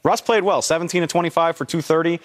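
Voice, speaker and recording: A man on a sports talk panel, reasoning in a measured and dry way. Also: on the high side.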